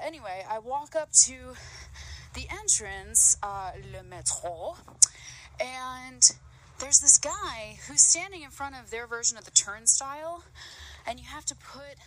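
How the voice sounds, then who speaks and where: A woman's voice: a little high, a little hiss or hum, rough recording. Chatty woman telling a story outdoors. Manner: chatty, animated, drops in halting French phrases. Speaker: vlogger telling a travel story. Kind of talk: casual storytelling to camera. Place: outdoors at a busy landmark.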